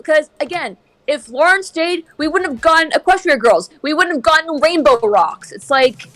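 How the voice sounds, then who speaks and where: A woman's voice: high-pitched, a bit bright, no echo. A woman streaming a game and chatting casually, airing strong opinions in a ranting way. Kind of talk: casual chat while gaming.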